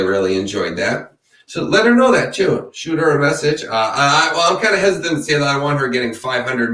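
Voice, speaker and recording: A man's voice: mid-range voice, sharp tone. A man hosting a true crime channel, giving a casual, rambling live-stream sign-off and reading out viewer chat. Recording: roomy sound from a distance.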